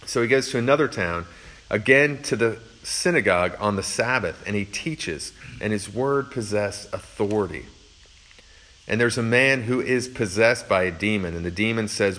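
A male preacher teaching through scripture in a low-pitched voice. His delivery is conversational and reflective, full of casual asides and fillers, with a mix of reading and explaining. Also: moderate pace, a bit bright. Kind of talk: sermon, Bible teaching.

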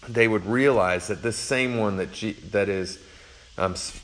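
Brief: male pastor, low voice, earnest explaining tone, casual sermon delivery. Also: a bit bright, low-quality recording. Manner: earnest, thinking aloud, explains verse by verse. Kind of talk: conversational sermon.

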